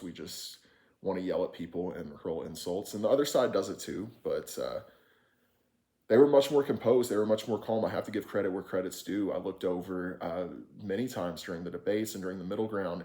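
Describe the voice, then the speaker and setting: Gravelly low-voiced man venting. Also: a little mellow. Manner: frustrated, candid, swears freely; rambling with frequent fillers and restarts. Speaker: vlogger recounting an experience. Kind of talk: casual storytime monologue.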